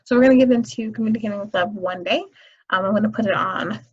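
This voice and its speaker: A woman's voice: medium pitch, fast talker, slightly rough. A woman hosting a casual solo podcast, chatty and telling stories with many fillers. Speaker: podcast host. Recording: dull lo-fi recording.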